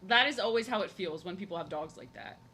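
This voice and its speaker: A woman's voice: medium pitch, expressive, fast talker, sharp tone, a little hiss or hum. A young woman chatting casually while drawing on a live stream, rambling along with lots of "like" and restarts. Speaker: art streamer.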